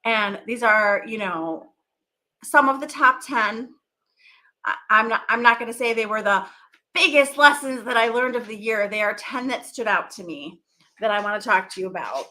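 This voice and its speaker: A woman's voice: a little high, moderate pace, bright, forceful tone. A middle-aged woman hosting a podcast, chatting casually in a rambling, laughing way. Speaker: podcast host. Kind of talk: casual live chat.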